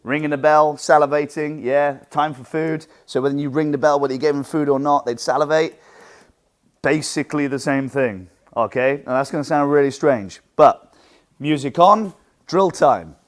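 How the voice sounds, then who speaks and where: A man coaching fellow martial arts instructors. His voice sits a little higher than most men's, and he moves through his points with lively, animated energy. He keeps slipping into quick acted-out exchanges with students. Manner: lively, animated, acts out quotes. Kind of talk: presenting a coaching seminar.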